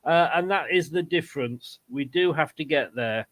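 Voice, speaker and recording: High-voiced man hosting a football watchalong. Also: fairly bright tone. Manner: chatty, quick asides to viewers. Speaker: host. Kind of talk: casual football watchalong chat.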